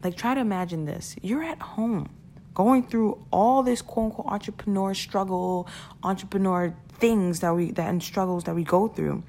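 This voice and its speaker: A woman's voice: medium pitch, a little mellow, a little hiss or hum. A woman talking casually and earnestly to her listeners about keeping perspective, often repeating words and laughing between points. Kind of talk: casual motivational talk.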